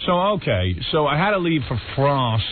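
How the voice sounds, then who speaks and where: A man's voice: mid-range voice, big pitch swings, normal speed. Brash profane man on tinny radio. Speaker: radio show host. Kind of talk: crude rambling storytelling chat. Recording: tinny phone-like radio broadcast.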